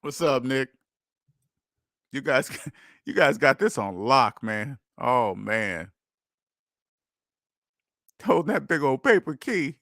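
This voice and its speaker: A man hosting a casual monologue, animated and laughing, acting out mock voices and firing rhetorical questions. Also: mid-range voice, slow pace, vocal fry, pauses often, no room sound, studio quality. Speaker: host.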